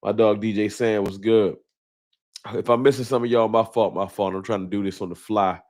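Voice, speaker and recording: A man's voice: on the low side, steady tone, fairly quick, a little mellow. A man hosting a live stream in a casual, laughing way, greeting viewers by name while his nose is stuffed up from a cold. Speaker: livestream host.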